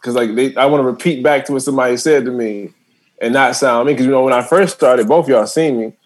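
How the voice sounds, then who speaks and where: A fast-talking man of medium pitch, a stand-up comedian, is a guest in a casual podcast chat. He tells stories with animation, laughs frequently and acts out what people said.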